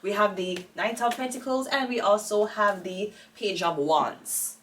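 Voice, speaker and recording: A woman's voice: medium pitch, unhurried, far from the mic. A Jamaican woman giving a casual tarot reading, rambling and blunt, with profane outbursts. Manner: rambling, blunt and profane, with sudden loud rants. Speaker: tarot reader.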